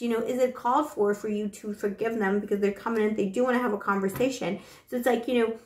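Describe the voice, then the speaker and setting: Woman, tarot reader, casual, chatty, affectionate, slightly breathless, higher voice. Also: steady tone, fast talker, a little mellow, echoey room. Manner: chatty and affectionate, with fillers like "you know". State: short of breath. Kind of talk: casual tarot reading to camera.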